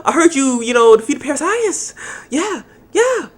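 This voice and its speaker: A man retelling a cartoon scene, putting on a jealous young heroine in a shrill falsetto. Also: big pitch swings, unhurried, heavily acted. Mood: teasing, jealous.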